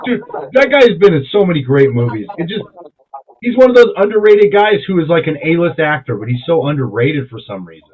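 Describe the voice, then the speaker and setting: A young man with a notably high voice chats casually on a podcast, excitable and full of swearing. The sound is dull and lo-fi, with a faint hiss underneath. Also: a little fast. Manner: profane, excitable, retells movie scenes in quoted voices. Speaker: podcast co-host. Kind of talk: casual chat.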